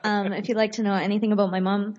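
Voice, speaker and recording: Female comedian, deadpan self-mocking chat, dull recording. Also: medium pitch, fast. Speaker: comedian guest. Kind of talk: casual chat.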